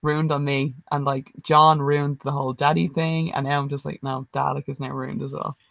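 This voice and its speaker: A woman's voice: deep voice, flat delivery, moderate pace, creaky, a bit bright, no room sound, low-quality recording. Sweary woman on a call. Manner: blunt, sweary, laughing. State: hungover. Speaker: podcast co-host. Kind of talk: casual chat. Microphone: video call.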